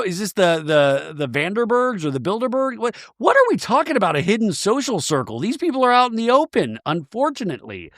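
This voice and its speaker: A man hosting a podcast, recapping a reality TV episode in a jokey, animated way and acting out the quotes. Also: high-pitched, fairly quick, no room sound, clean studio sound. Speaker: podcast host.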